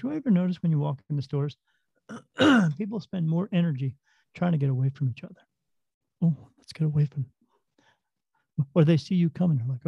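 A man with a gravelly, slightly high voice talks earnestly and casually, swearing now and then. The sound is dry and a little dull, like a cheap lo-fi mic. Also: expressive, a little fast, long pauses, dry recording. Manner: earnest, plain-spoken, drops mild swearing. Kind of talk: casual conversational storytelling.

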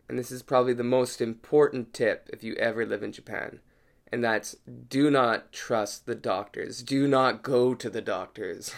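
A young man from Canada with a husky, sick voice, hosting a casual solo podcast, rambling and joking with casual swearing. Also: medium pitch, fairly bright tone. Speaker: podcast host.

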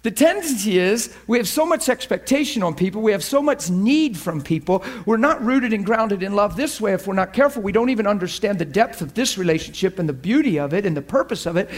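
A male preacher giving a sermon, often repeating words and checking in with his listeners. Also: high-pitched.

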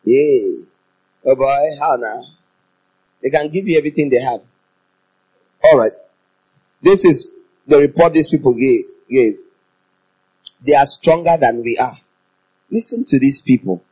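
A man preaching a sermon in an animated, playful way, often laughing and leading the congregation in chanting. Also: fairly high pitch, moderate pace, pauses often, slightly rough, dull audio.

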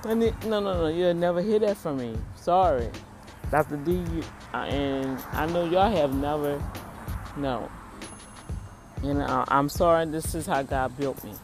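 Animated woman telling a story outdoors. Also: low voice, unhurried, over music. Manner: animated, acts out the people in her story, talks to the camera. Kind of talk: casual storytelling to viewers.

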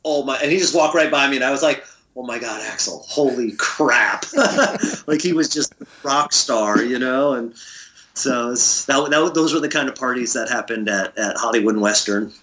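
A man's voice: mid-range voice, normal speed, fairly bright tone, slight background noise. A middle-aged man from Connecticut, a musician guest telling loose anecdotes in a casual interview, laughing often and swearing freely.

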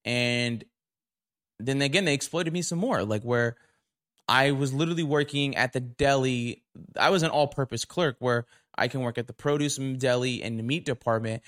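A man's voice: mid-range voice, normal speed, a bit bright. A young man with a mid-range voice rants casually on his podcast, swearing freely and sounding indignant. His talk is loose and conversational, recorded on a camera mic. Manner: profane, indignant storytelling. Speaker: podcast host. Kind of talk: casual monologue rant.

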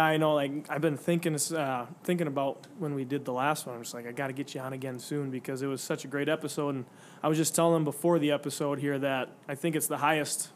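A man's voice: on the high side, a little hiss or hum. A man hosting a casual podcast, chatting easily with a friend and using lots of fillers. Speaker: podcast host.

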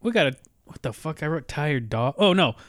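A man's voice: a little high, animated, moderate pace, a bit bright, no echo. A man co-hosting a casual podcast, joking around and swearing freely as he walks through an episode. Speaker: podcast co-host.

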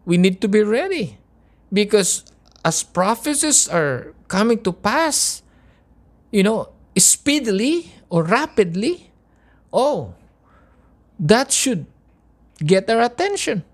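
A woman's voice: mid-range voice, big pitch swings, takes it slowly, pauses often. A woman preaching a sermon, impassioned and emotional, asking repeated rhetorical questions.

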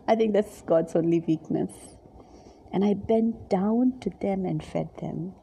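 A woman with a deeply mellow, dark-toned voice leads a devotional Bible reflection. She speaks gently and haltingly, often repeating words, and sometimes sinks into a soft whisper. A faint noise sits under her voice. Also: creaky. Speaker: Bible teacher.

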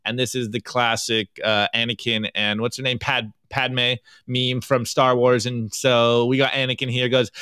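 A man co-hosting a casual podcast, reviewing memes with animated, jokey delivery and frequent laughs. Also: mid-range voice, normal speed, few pauses, clean tone, dry recording, clean studio sound. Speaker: co-host.

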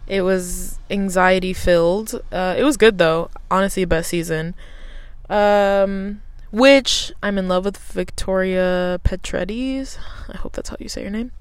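A woman's voice: medium pitch, a little slow, clean tone, no room sound. Rambling, foul-mouthed young woman podcaster. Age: 20s. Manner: rambling, swears a lot, offhand and self-mocking. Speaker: podcast host. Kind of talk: casual solo podcast chat.

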